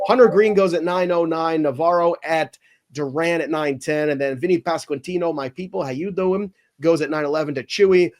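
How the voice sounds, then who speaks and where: A man hosting a casual sports podcast, animated and given to mock outrage. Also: on the high side, brisk. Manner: animated, mock-outraged when picks are taken. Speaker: podcast host running a mock draft.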